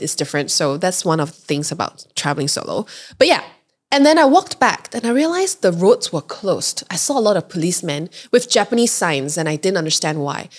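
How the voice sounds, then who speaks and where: Chatty Malaysian woman telling a story. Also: on the low side. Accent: Malaysian English. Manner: lively storyteller who acts out quoted voices. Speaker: podcast co-host. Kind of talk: casual storytelling chat.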